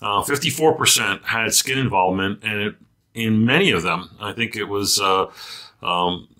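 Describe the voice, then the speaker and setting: A man hosts a medical news podcast in a loose, conversational way. His voice sits fairly low but sounds bright and forward. He wanders into asides and fills pauses with plenty of ums and uhs. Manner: chatty, loose, many fillers and asides. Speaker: podcast host, physician editor.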